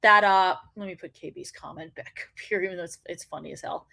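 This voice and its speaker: A woman's voice: on the low side, brisk, creaky, bright, forceful tone. A woman hosting a wrestling show, ranting in casual commentary, swearing freely and laughing often.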